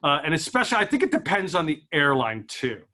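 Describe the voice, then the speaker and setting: Animated stand-up comedian, bright voice. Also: male voice, a little high, fast talker. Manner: animated, acts out voices, laughs at own jokes.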